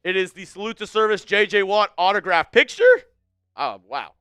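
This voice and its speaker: Bright, high-voiced male sports streamer. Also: fairly quick, smooth, dry recording, clean studio sound. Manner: casual, animated fan-style ranting. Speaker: sports show host. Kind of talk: live-stream sports talk.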